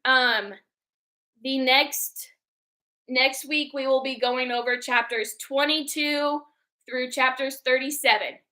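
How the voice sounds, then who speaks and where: Young female co-host with a high, bright voice, lively at telling stories in casual chat. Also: slow pace. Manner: animated storyteller who acts out quotes. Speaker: book club co-host.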